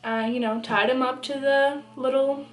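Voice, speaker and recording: Young woman, casual storytime vlog, high voice, animated and profane, echoey room. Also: normal speed. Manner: animated, swears a lot, frequent fillers. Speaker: vlogger. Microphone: camera on a phone or small camera.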